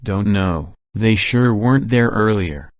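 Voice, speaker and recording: A man's voice: on the low side, lively intonation, no echo, studio quality. A man voicing a baffled, jumpy male night guard in an audiobook. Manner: slow, alarmed.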